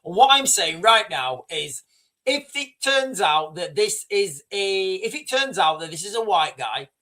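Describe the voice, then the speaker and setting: A man's voice: high voice, sing-song, unhurried, pushed and bright. A man hosting a live news commentary stream, rambling, repeating himself and thinking aloud. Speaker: livestream host.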